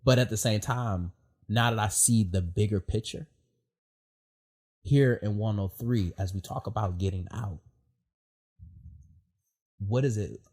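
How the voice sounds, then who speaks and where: Low, husky-voiced emotional podcast host. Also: male voice, a little slow, pauses often. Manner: emotional, animated storytelling with swearing and repeated fillers. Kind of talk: casual heartfelt chat.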